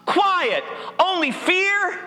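A man's voice: very high-pitched, sing-song, very slow, bright, forceful tone. A male pastor from Appalachia preaching a sermon in a church, folksy and humorous. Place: church sanctuary. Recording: long hall reverb.

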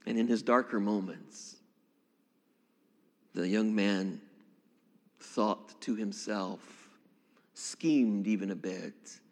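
A man preaching a sermon as pastor, emphatic and expressive, dropping at times to a hushed voice. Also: on the low side, slow pace, long pauses, in a large hall. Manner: expressive, emphatic preaching with dramatic drops to a hush.

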